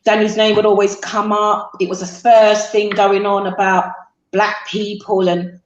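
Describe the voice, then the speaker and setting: Halting woman, roomy and muffled. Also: medium pitch, level tone. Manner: halting, tearful, with self-deprecating jokes. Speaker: guest, mother. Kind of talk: emotional interview.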